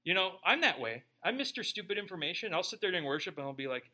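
A male pastor in his thirties delivering a sermon with a high, bright voice. He talks to the congregation in a chatty, joking way. He keeps tossing in rhetorical questions like "right?". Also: big pitch swings, fast, hardly any pauses.

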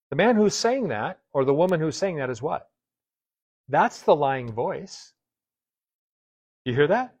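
A man preaches a sermon, peppering it with rhetorical questions. His voice sits a little high for a man, and he shifts from hushed lines to sudden loud ones. The sound is close and dry, with little room around it. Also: lively intonation, unhurried, pauses often, breathy edge, dry recording, lo-fi sound. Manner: rhetorical questions, swings between soft and loud.

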